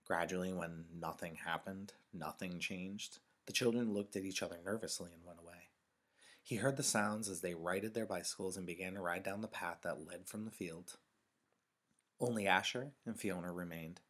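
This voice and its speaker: A man, a teacher, reading a novel aloud in a calm, measured storytelling voice. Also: low-pitched. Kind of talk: novel read-aloud narration.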